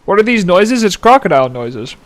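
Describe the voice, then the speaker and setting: A man's voice: high voice, big pitch swings, a little fast. A man in his twenties streaming a game live, chatting casually, giggling and answering chat aloud. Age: 20s. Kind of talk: casual gameplay commentary.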